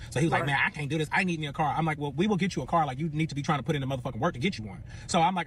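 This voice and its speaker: Fast-talking, profane storytelling man. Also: a little high, a little hiss or hum. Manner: animated, profane, swings to yelling and back. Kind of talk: casual storytelling.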